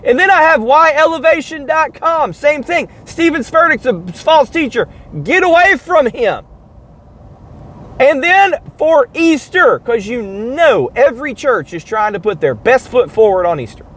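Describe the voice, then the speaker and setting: Male podcast host, high and bouncy pitch, sardonic casual monologue, acts out sounds. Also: unhurried, rough recording. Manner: animated, mocking, acts out sounds and chants.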